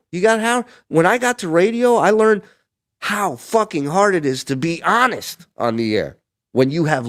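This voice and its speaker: A man in his forties telling radio stories in a casual interview, profane and animated, acting out the people he quotes. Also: sits high. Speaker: guest, radio personality.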